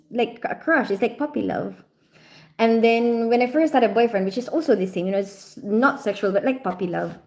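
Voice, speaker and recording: A woman's voice: a little high, darkish tone. A woman chatting casually on a livestream, rambling with lots of fillers and frequent giggles. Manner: rambling, heavy use of fillers.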